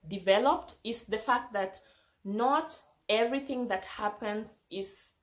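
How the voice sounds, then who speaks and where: A woman's voice: a little high, slow pace. A young woman from abroad, living in Germany, talking to camera in an earnest, reflective vlog, often repeating phrases for emphasis. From not from Germany, living there. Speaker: vlogger. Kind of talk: casual talk to camera. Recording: echoey room.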